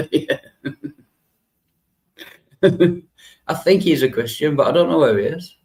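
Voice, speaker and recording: A man's voice: on the high side, lively intonation, slow, gravelly, a little mellow. A man co-hosting a livestream in casual chat, laughing often, mocking himself and swearing. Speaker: livestream co-host.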